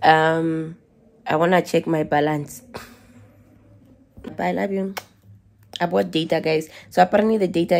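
A young woman with a Namibian English accent chats casually in a travel vlog, slangy and packed with fillers like "like" and "bruh." Her voice is lowish, gravelly and a little mellow.

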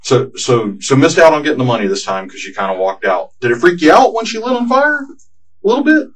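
Patient, husky-voiced detective in a distant recording. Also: male voice, fairly high pitch, big pitch swings, a little fast, a bit bright. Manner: patient, probing, repeats questions to clarify. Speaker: police detective. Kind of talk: police interrogation questioning. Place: police interview room. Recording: distant mic in an interview room.

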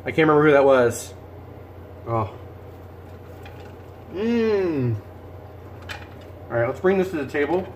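A man's voice: medium pitch, expressive, fast, a little hiss or hum. Chatty man livestreaming from a roomy kitchen. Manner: chatty, jokey, talks while moving and chewing. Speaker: livestream cooking host. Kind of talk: casual livestream chat. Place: home kitchen.

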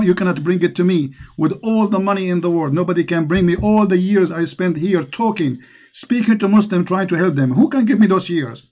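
A man's voice: high voice, darkish tone. A man with an Arabic accent, hosting a call-in religious show and preaching with passion. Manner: impassioned, preaching. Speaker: host.

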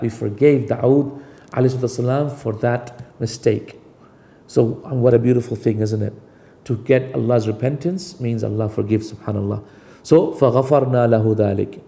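A male preacher giving a sermon, reciting Arabic verses and explaining each line with rhetorical questions, climbing high when he stresses a point. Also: creaky, mellow. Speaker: Islamic preacher. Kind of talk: sermon with Quranic recitation and translation.

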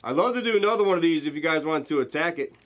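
A man hosting a live card break, calling out pulls to viewers with excited, hyped commentary and the odd swear. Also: on the high side, rapid-fire.

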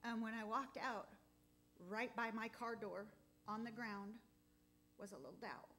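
A woman giving a heartfelt, halting testimony in church, close to tears at times. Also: fairly high pitch, a bit bright, slight background noise. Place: church sanctuary.

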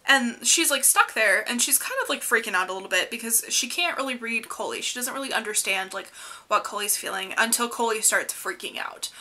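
A young woman chats through a novel's plot as a book vlogger, rambling and filling her sentences with "like". Her voice sits a little high and sounds bright and crisp. She laughs easily as she talks. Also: fairly quick. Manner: chatty, rambling, heavy use of "like"; laughs often while talking. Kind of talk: casual book recap.

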